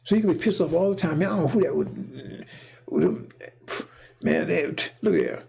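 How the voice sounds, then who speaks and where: On the high side and animated, a man speaks at normal speed in a gravelly, husky, darkish voice. He gives a rambling, casual prophetic monologue, repeating himself and checking in with "see?" and "right?".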